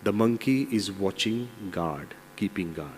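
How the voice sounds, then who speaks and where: A man's voice: on the low side, unhurried, a little hiss or hum. Man telling a moral story in a hall. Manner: animated storyteller. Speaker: monk giving an inspirational talk. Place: large seminar hall. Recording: long reverb in large hall.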